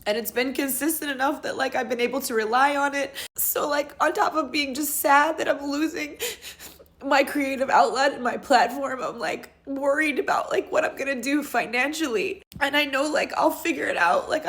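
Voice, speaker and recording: A woman creator vents into her phone camera in an earnest, frank personal vlog. There is a bitter edge in how she talks. Her voice sits high. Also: normal speed, a bit bright. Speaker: content creator.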